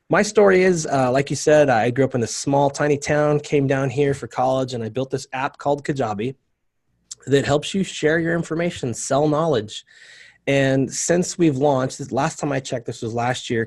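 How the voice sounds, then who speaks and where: A man speaks as a guest on a video-call interview, his voice at an ordinary middle pitch. He tells his story in an earnest, open way. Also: a little mellow. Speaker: guest, company cofounder. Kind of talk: casual interview chat.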